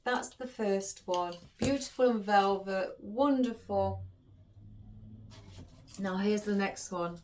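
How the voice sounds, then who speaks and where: A woman's voice: medium pitch, slow, long pauses, a little mellow. A woman florist chatting to her viewers in a casual vlog, emotional and holding back tears. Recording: voice a bit far from the mic.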